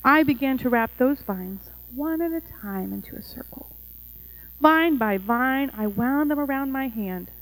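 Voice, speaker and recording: A woman narrating a first-person allegorical story in a gentle, tender, measured way. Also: high-pitched, animated, low-quality recording.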